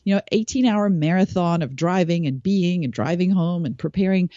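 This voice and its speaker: A woman in her forties from South Africa, a podcast guest telling stories in an animated, expressive way and laughing along. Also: fairly low pitch, normal speed, no echo. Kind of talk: conversational storytelling. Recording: slightly muffled lo-fi recording.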